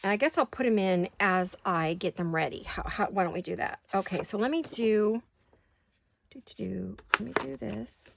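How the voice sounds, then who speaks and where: A woman's voice: mid-range voice, moderate pace, gravelly, background noise. A woman hosting a crafting channel, chatting casually and rambling as she works at home, with the hiccups. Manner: chatty, rambling, self-correcting. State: has the hiccups. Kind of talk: casual crafting tutorial chat.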